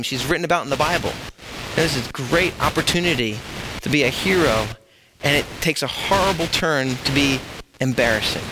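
A man's voice: on the high side, noisy background. A middle-aged man preaching a sermon in a conversational, joking way, talking straight to the congregation. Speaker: pastor.

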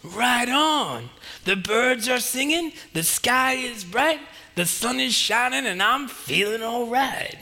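A cool, easygoing cat, as a man reads the story aloud, drawling his lines in a relaxed way. The voice is high and bright. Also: takes it slowly, creaky, exaggerated voice. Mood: upbeat. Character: laid-back cool male cat.

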